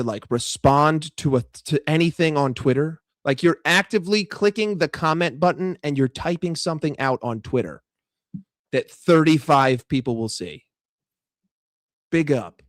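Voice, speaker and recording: A young man ranting casually about football in a vlog, swearing freely and talking in a chatty, animated way. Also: fairly high pitch, moderate pace, dry recording, studio quality. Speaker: football vlogger.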